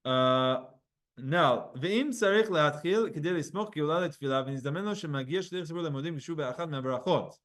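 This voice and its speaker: High-voiced man teaching a Talmud class. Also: a bit bright. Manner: explains texts, reading Hebrew and Aramaic aloud and translating with quick asides; speaks directly to students by name.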